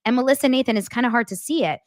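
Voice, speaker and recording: A woman hosting her own show, chatting casually as she reads out text messages and acts out the quoted lines with big jumps in pitch. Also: very fast, dry recording, studio quality. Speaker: host. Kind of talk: casual commentary reading texts aloud.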